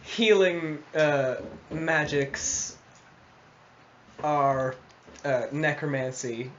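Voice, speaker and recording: A woman's voice: low-pitched, sing-song, unhurried, a bit bright, slight background noise, exaggerated voice. A woman voicing a hesitant halfling woman traveler who stumbles over her words. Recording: dull home recording.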